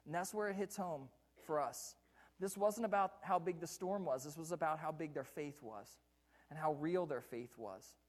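High-voiced man preaching a sermon. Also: moderate pace. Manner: repeats key lines for emphasis, asks the congregation questions. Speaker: pastor. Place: church, preaching from the pulpit.

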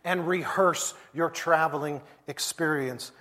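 A man's voice: on the high side, slow pace, bright, forceful tone. A man preaching a sermon as pastor, emphatic and repeating refrains to his congregation.

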